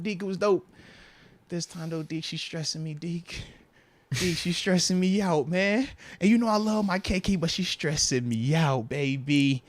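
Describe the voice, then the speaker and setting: A man in his thirties hosting a casual sports podcast, an animated storyteller who swings between loud bursts and whispered asides. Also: on the high side. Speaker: podcast host.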